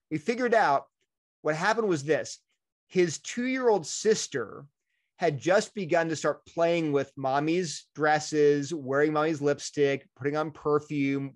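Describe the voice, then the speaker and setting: Middle-aged male interview guest, slightly high voice, animated, drops into quick character voices for quotes. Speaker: guest speaker. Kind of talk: conversational interview answer.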